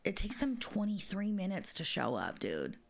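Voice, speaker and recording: A woman's voice: medium pitch, wildly swooping pitch, normal speed, creaky. A woman co-hosting a podcast, telling a story in casual chat with plenty of swearing and fillers. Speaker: podcast co-host.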